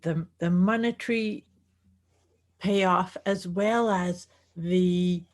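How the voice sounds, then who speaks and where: A woman's voice: fairly low pitch, drawn-out words. Thoughtful woman on a podcast, repeats her words. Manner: reflective, hesitant, repeats words as she thinks. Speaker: podcast co-host, healer. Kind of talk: casual podcast chat.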